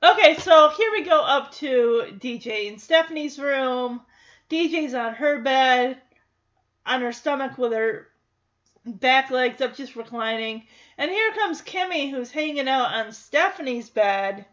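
A woman with a high voice talks through a sitcom episode in a loose, chatty way, tossing in wry asides. The sound is a bit dull and muffled. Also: expressive, measured pace, fairly bright tone. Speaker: show recap host. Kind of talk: casual episode recap.

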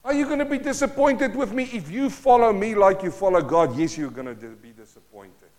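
A man in his fifties with a South African accent, preaching a sermon with passion, swinging between loud declarations and hushed asides. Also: high-pitched, expressive, a little fast. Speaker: pastor.

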